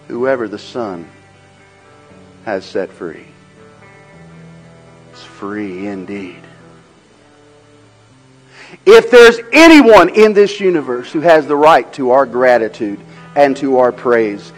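A man preaching a sermon. He swings between loud, rhythmic, repeated phrases and a low, quiet storytelling tone, over faint music. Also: big pitch swings, slow, pauses often, rough recording. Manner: swells into loud, rhythmic repetition. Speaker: pastor.

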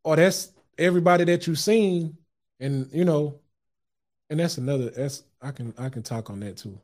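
A slightly high, somewhat mellow male voice moves at a moderate pace. He's a podcast host preaching motivation with sermon-style passion in casual street slang, talking right to his listeners as "guys" and "family" and often repeating words as a thought gets going.

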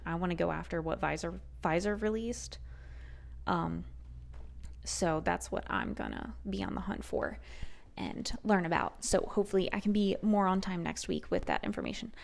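A woman's voice: mid-range voice, gravelly, darkish tone. A woman hosting a solo podcast, talking heatedly and sarcastically and swearing freely. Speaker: podcast host.

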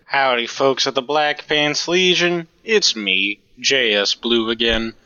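A man's voice: mid-range voice, slow pace, bright, forceful tone, highs cut off. A man leaving a friendly, folksy voice message for a podcast. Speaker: listener sending a voice message. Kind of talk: recorded voice message.

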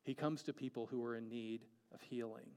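A man preaching a sermon earnestly, moving between emphatic peaks and hushed, quiet lines. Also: medium pitch, steady tone, fairly quick, clear, resonant tone, long reverb tail.

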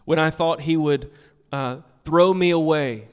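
Male pastor, slightly high voice, emphatic sermon delivery, long church-hall reverb. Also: unhurried, smooth. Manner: emphatic, earnest preaching with storytelling asides. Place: church sanctuary with a congregation.

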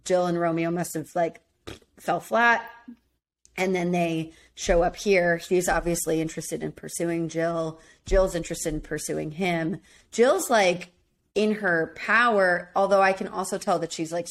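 A woman with a fairly low voice and fairly even intonation speaks at normal speed. She co-hosts a podcast, casually chatting to recap a reality show, filling her talk with "like" and laughing often.

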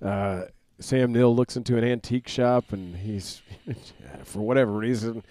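Guy retelling a movie plot, mellow warm voice, dry close sound, acts out the lines. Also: medium pitch, a little slow, no room sound. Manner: animated storytelling, acts out quoted lines. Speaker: podcast co-host. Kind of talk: casual movie recap chat.

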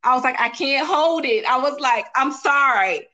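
Singer guest, woman, bright higher voice, animated storyteller who acts out dialogue. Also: normal speed, muffled recording. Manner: animated, quotes others, repeats phrases for emphasis. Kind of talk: casual interview, emotional storytelling.

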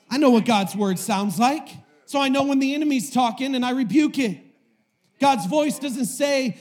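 High-voiced man preaching with fervor. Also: moderate pace. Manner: impassioned, swings between shouting and hushed tones; repetitive, rhetorical questions. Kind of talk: sermon to a live audience.

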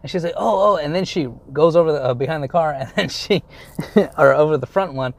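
A man's voice: on the high side, brisk. A young man casually retelling a story from his car, rambling, swearing a lot and breaking off mid-sentence. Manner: rambling, profane, self-interrupting retelling. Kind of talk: casual storytelling while driving.

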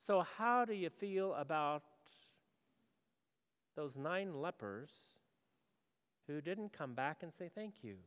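A man's voice: a little high, sing-song, slow, pauses often. Man preaching in a reverberant hall. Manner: conversational preaching with rhetorical questions, swings from loud to hushed. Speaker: pastor. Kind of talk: sermon.

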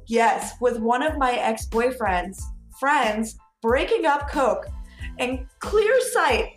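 A woman's voice: a little high, lively intonation, takes it slowly, reverberant, soft background music. A woman co-hosting a podcast, telling a story in casual chat, acting out quotes and laughing often. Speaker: podcast co-host.

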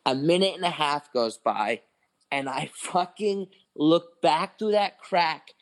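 A man's voice: on the high side, takes it slowly. A man in his twenties, a podcast co-host, telling a long story in casual chat, rambling with lots of "like" and swearing.

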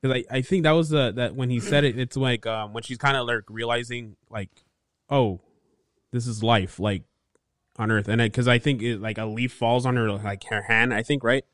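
A man's voice: mid-range voice, steady tone, moderate pace, fairly bright tone, dry recording, studio quality. A man co-hosting a podcast, chatting casually and rambling with lots of fillers and restarts. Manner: rambling, laid-back, many fillers and restarts. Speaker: podcast co-host. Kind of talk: casual chat.

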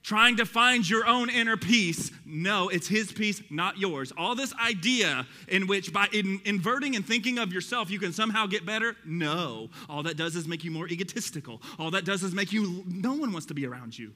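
A man in his thirties preaches to his congregation with a high, very bright voice. He talks in an animated way, dropping joking asides between verses. The sound carries a long reverb from a large hall. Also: normal speed, few pauses. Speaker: pastor. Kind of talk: sermon.

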